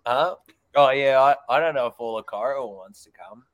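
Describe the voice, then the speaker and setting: A man with an Australian accent, chatting loudly over whisky, laughing and swearing freely. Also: mid-range voice, brisk. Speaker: whisky guest. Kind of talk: casual chat over drinks.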